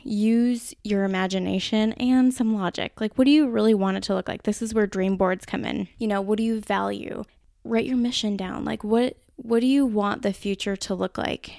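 A woman's voice: mid-range voice, gravelly, no room sound, clean studio sound. A woman with a Minnesota accent hosting a podcast, explaining ideas in a chatty, casual way with the odd swear word. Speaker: podcast host.

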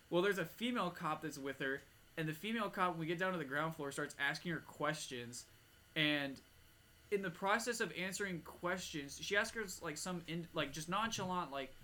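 Male podcast co-host, bright and lively, animated storyteller doing quoted voices. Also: a little high, brisk. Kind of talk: casual storytelling chat. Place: home garage.

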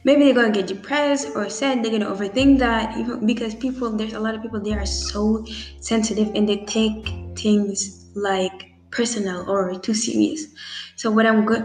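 A woman's voice: medium pitch, steady tone, moderate pace, darkish tone. Earnest eighteen-year-old woman, roomy sound. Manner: earnest, many fillers and restarts, addresses viewers directly. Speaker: vlogger. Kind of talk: casual heartfelt talk to camera. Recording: roomy echo, faint music behind.

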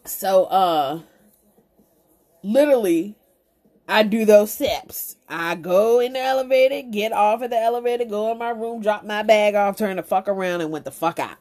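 Profane, animated woman telling a story. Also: medium pitch, moderate pace. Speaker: podcast host. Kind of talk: casual comedic storytelling.

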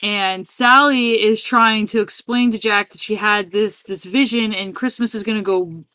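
Bright, dry-voiced woman retelling a film. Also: mid-range voice, normal speed, no room sound. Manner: chatty, animated retelling with filler "like" and "yep". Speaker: podcast co-host. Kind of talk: casual chat recapping a film.

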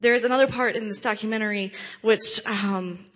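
A woman's voice: medium pitch, fairly even intonation, fairly quick, fairly bright tone. Earnest woman hosting a prayer video. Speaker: host of a Christian prayer video. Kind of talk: casual reflective commentary.

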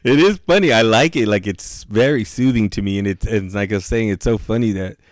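A man's voice: on the low side, fairly quick, dry recording, clean studio sound. A man co-hosting a podcast, chatting casually, laughing often and swearing while he teases his friend. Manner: laughing, profane, teasing banter. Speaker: podcast co-host. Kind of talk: casual chat.

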